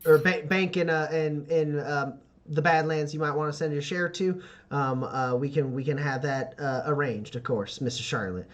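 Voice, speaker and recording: A man's voice: fairly high pitch, steady tone. Man narrating as game master. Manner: halting, filler-heavy narration.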